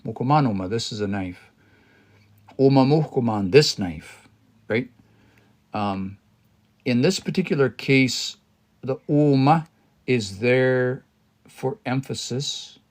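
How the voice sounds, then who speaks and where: A man of middle pitch teaching a language on a livestream from his desk. He thinks aloud and breaks things down word by word. He often stops and restarts his sentences. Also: darkish tone. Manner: hesitant, many restarts, explains word by word.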